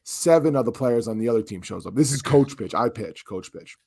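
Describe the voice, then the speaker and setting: An animated man tells a story in casual podcast chat, with a mid-pitched voice. He acts out quotes from other people and stumbles into restarts as he goes. He talks like he's catching up with a friend. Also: brisk, vocal fry, breathy edge. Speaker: podcast co-host.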